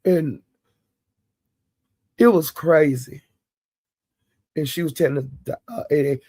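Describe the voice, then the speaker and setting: Host: a man, husky and rough, rambling gossip storyteller. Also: fairly high pitch, measured pace, long pauses, a little mellow, dry recording. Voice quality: gravelly, husky. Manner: rambling, with quoted asides. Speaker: channel host.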